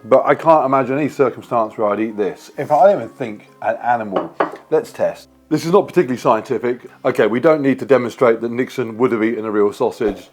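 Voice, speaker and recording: A man's voice: medium pitch, fast talker, a little mellow. Playful man taste-testing food. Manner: playful, chatty, joking. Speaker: vlogger host. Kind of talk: casual food taste-test chat.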